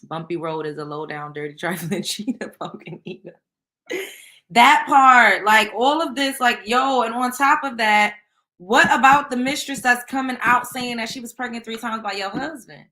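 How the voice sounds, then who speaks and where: A woman's voice: fairly high pitch, moderate pace, bright, forceful tone. A woman hosting a casual gossip show, talking bluntly and with plenty of profanity straight to her listeners. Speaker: show host.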